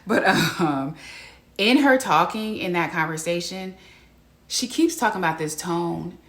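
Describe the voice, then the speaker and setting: A woman with a low, deep voice recaps a reality show in a casual, chatty way. She talks frankly, with plenty of slang, and acts out the people she retells. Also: expressive, normal speed, fairly bright tone.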